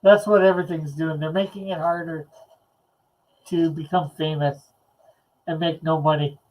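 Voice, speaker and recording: A man's voice: on the high side, steady tone, normal speed, a little mellow, rough recording. A man hosting a late-night live stream chat, reading comments aloud in a laid-back, chuckling way. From Canada. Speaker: host.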